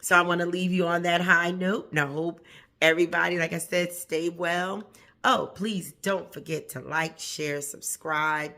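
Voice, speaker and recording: Bright-voiced woman giving folksy encouragement. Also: lowish voice, steady tone, a little slow. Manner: encouraging, folksy, repeats phrases for emphasis; chuckles often mid-sentence. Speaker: plant channel host. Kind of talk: casual motivational talk to viewers.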